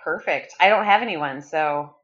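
A woman's voice: sits low, normal speed. Laid-back woman on a dull lo-fi mic. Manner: relaxed, trailing off, brief agreeing replies. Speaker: podcast co-host. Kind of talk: casual chat about movie casting. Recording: slightly dull lo-fi sound.

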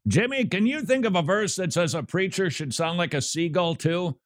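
A man hosting a radio show, commenting on a recorded sermon in a slow, emphatic way with wry humor. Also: high-pitched, animated, a little hiss or hum.

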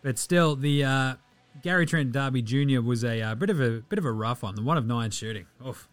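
An Australian man hosting a casual sports podcast, joking, swearing and jumping into bursts of excitement. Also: medium pitch, fairly quick. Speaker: podcast host.

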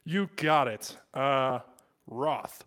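A man's voice: mid-range voice, very slow, a bit bright, clean tone. A young man co-hosting a casual podcast, joking crudely and laughing often. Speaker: podcast co-host.

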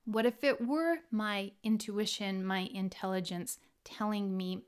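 Animated woman talking about mindset. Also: mid-range voice, smooth. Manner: animated, drawn-out emphasis on key words. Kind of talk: reflective personal monologue.

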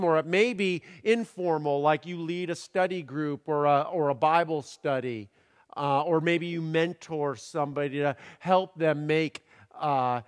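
A man, a pastor, giving a sermon with playful puns and many fillers and repeated words. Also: fairly high pitch. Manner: playful, punning delivery. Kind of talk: sermon with jokes. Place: church sanctuary. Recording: long reverb of a large hall.

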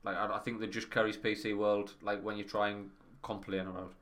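Podcast co-host, man, bright tone, animated sweary storyteller. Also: on the low side, a little fast. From Northern England. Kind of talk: casual storytelling chat.

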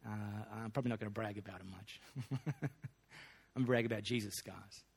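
A man's voice: lowish voice, steady tone, fast, gravelly, husky. A man, preaching a sermon in a folksy, joking way full of slang. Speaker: pastor.

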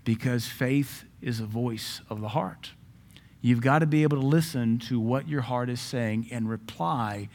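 A man's voice: medium pitch, unhurried, darkish tone. A man preaching a sermon, telling personal stories in a conversational way.

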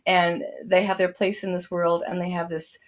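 A woman with a somewhat low voice speaks to a group. She reads her prose slowly and lyrically. Then she talks about spiritual matters in an easy, enthusiastic storytelling way. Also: flat delivery. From United States. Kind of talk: reading lyrical prose, then casual talk.

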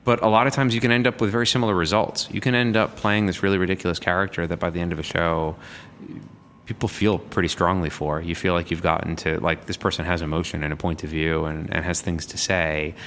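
Low-voiced man, reflective and fluent. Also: steady tone, fast, fairly bright tone, a little hiss or hum. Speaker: improv performer. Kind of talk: casual conversation.

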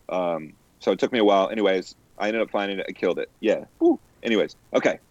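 Man, low voice, casual profane storyteller, dull lo-fi dry audio. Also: quick pace, dry recording. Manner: profane storytelling, animated quoted asides. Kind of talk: casual chat.

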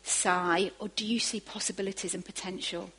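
A woman preaching a sermon, moving from quiet asides to emphatic, rising bursts. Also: mid-range voice, fairly even intonation, normal speed, breathy edge, rough recording.

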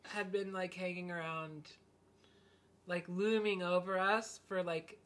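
A man's voice: high voice, fairly even intonation, unhurried, fairly bright tone. Laid-back man co-hosting a podcast. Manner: laid-back, joking banter. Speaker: podcast co-host. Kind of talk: casual chat.

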